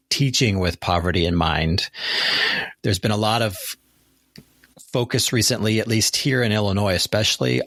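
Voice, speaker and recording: A man's voice: deep voice, gravelly, a bit bright, no room sound, studio quality. A man hosting an interview podcast, speaking earnestly and chattily with some fillers. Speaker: podcast host.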